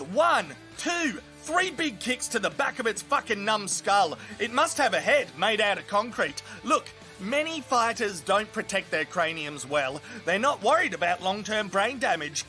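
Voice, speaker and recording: An Australian man giving crude, excitable mock sports commentary, shouting at big moments. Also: high-pitched, normal speed, few pauses, faint music behind. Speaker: comedy fight commentator.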